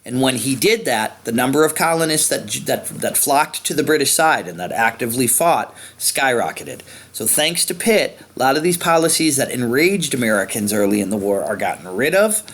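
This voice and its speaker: Man, history teacher, casual lecture, lots of ums and uhs, mid pitch. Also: expressive, moderate pace, hardly any pauses, a bit bright, slight background noise. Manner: conversational, many fillers, pointing at a map. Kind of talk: informal lecture.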